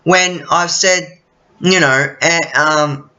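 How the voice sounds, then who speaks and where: Brief: high-pitched Australian man, unhurried and bright-toned, swearing through a rambling rant. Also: fairly even intonation, highs cut off. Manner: profane, rambling, frequent restarts and fillers. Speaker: vlogger. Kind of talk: casual ranting monologue.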